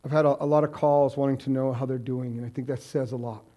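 A man's voice: medium pitch, fairly even intonation, quick pace, muffled recording. A man preaching a sermon as pastor, in an earnest, heartfelt way.

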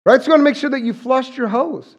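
A middle-aged pastor from southern New Mexico delivers a conversational sermon in a very high, fast voice. He's folksy and joking, and he often restarts his sentences.

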